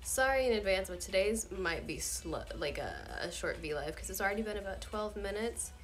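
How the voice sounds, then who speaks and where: A woman's voice: mid-range voice, expressive, brisk, soft background music. A woman in her twenties from the United States, tired and sleepy, chatting casually with fans on a livestream. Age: 20s. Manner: soft-spoken, drifting, chatty with fans. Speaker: singer hosting a fan livestream.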